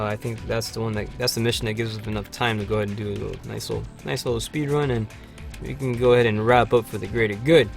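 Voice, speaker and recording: A man hosting a livestream, chatting casually over gameplay with lots of fillers and sudden excited shouts. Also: medium pitch, vocal fry. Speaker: livestream host.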